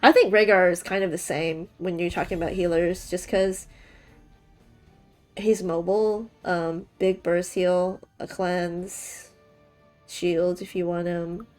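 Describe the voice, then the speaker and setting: A woman's voice: fairly low pitch, steady tone, takes it slowly, soft background music. A woman casting a live video game match, chatty and playful, laughing often. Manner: bubbly, giggly, chatty. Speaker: esports caster.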